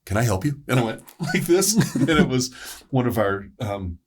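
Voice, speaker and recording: A man who works as a paramedic, telling a story on a podcast panel in a casual, animated way, acting out the voices he quotes. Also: mid-range voice, moderate pace, slight background noise. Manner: animated storyteller, acts out quoted voices, laughs between lines.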